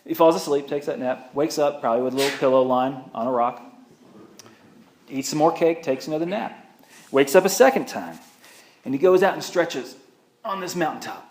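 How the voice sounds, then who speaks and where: A man preaching a sermon as pastor, telling the story in a conversational, animated way. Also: on the high side, moderate pace, pauses often, slight background noise. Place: church sanctuary. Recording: echoey church room.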